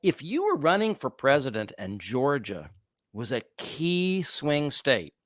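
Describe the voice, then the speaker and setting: A psychologist co-hosting a casual podcast discussion, an animated storyteller who laughs often. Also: male voice, medium pitch, unhurried, dry recording, studio quality. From United States. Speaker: psychologist and co-host.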